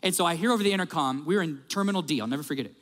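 A middle-aged man preaches, telling his story with animated, conversational energy and talking straight to the listeners. His voice sits high for a man. The sound carries the long tail of a large hall. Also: rapid-fire. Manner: animated, conversational, addresses the congregation directly. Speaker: pastor. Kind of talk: storytelling sermon.

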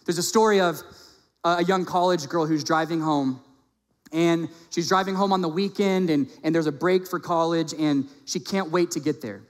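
A man preaching a sermon, telling a story with passion, rising loud on key points and dropping soft and low in the quiet moments. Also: moderate pace. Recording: long hall reverb.

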